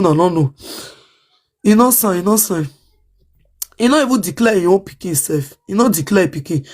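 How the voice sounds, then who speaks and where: A woman's voice: medium pitch, darkish tone. A woman with a Nigerian Pidgin English accent ranting on a livestream, emphatic and defiant, repeating her points over and over. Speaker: social media live streamer. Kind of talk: livestream rant.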